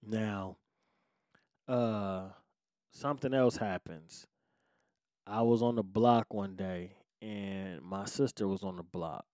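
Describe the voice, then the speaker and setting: A man's voice: slow, long pauses, dry recording, clean studio sound. Profane man telling a street story. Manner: profane street slang, acts out quoted voices; swings from low muttering to loud outbursts. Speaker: podcast host telling his life story. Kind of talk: casual storytelling.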